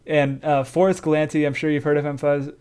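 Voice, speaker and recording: A man's voice: a little high, flat delivery, brisk, a little mellow, clean tone. Chatty laid-back male podcast host. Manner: chatty, laughs easily, loose and informal. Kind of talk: casual podcast chat.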